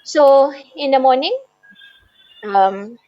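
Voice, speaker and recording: A woman tells an emotional personal story, halting and heartfelt, with many repeated fillers. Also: high voice, lively intonation, no room sound, faint music behind. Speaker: bereaved daughter sharing a personal story. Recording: slightly dull, dry recording.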